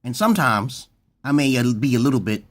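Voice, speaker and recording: A man vlogging a rambling comedic monologue, swearing freely, drifting off topic and jumping suddenly into a high, excited voice. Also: fairly quick. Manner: profane, digressive, often breaks into laughter.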